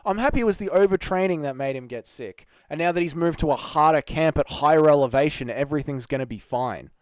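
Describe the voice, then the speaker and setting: A man's voice: on the high side, quick pace, no room sound, studio quality. An Australian man hosting a live stream, answering chat in a blunt, sarcastic, swearing way.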